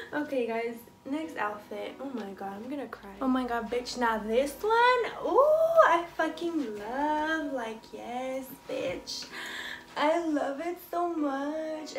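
A young woman, chatting casually through a clothing try-on haul, blunt and swearing constantly. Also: high-pitched. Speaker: fashion vlogger. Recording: echoey room, faint music behind.

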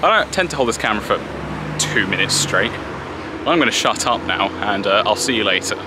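This young man from Britain speaks in a lowish, lively voice at a brisk clip, with background noise around him. He's a travel vlogger giving a casual monologue to a handheld camera at arm's length as he strolls a city, rambling and poking fun at himself.

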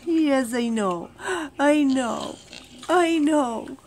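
A woman at home in the morning, talking unhurriedly to her pets and her viewers, cooing to the animals in a soft, doting voice. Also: sits high, very slow, a little hiss or hum. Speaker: pet owner vlogger. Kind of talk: casual talk to pets and viewers. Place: at home indoors, early morning.

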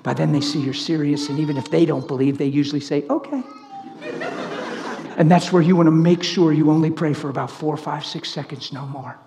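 A man preaching a sermon full of stories, animated, swinging from loud laughter to near whispers. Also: a little high, fairly quick, long reverb tail, a little hiss or hum. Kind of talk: sermon with storytelling.

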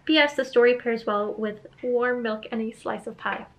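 A cheerful man speaks in a playful mock British accent, as a woman puts him on for fun. He reads briskly, in a light sing-song. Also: a little high, fairly even intonation, lightly acted.

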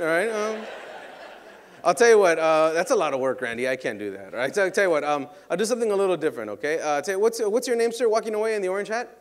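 A man performing card tricks for an outdoor crowd, joking and teasing volunteers, now and then shouting to hype them up. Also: high-pitched, expressive, fast talker, a little hiss or hum. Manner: playful, teasing, bursts into loud hype. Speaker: street magician.

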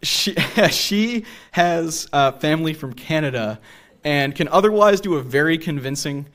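A man's voice: fairly high pitch, animated, unhurried, a bit bright. A man from the Greater Boston area giving a public history lecture on a theater stage, explaining step by step and often checking in with "right?".

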